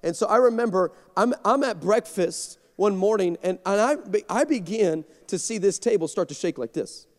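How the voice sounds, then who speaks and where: A male guest pastor from Texas preaching a sermon, energetic and storytelling, often repeating words as he builds. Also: high-pitched, normal speed, few pauses. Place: large church sanctuary. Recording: long hall reverb in church.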